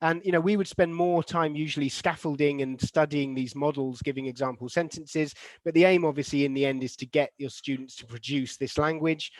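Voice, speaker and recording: A man's voice: fairly high pitch, steady tone, a little fast, hardly any pauses, no room sound. Man teaching an online class, close dry mic. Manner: asks the class questions, reads out chat replies; many fillers and restarts, models stress patterns aloud. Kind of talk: online teacher-training lesson.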